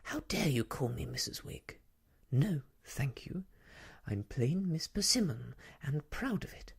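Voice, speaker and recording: A man voicing a thin, easily outraged spinster woman with a high, thin voice, in whispered role-play. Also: very animated, a little slow, gravelly, breathy edge, full character voice. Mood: indignant. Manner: indignant, huffy.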